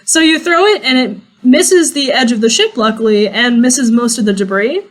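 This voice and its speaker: A woman's voice: on the high side, lively intonation, moderate pace, rough recording. A woman running a tabletop game as game master, narrating with easy amusement. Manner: amused, laughs often.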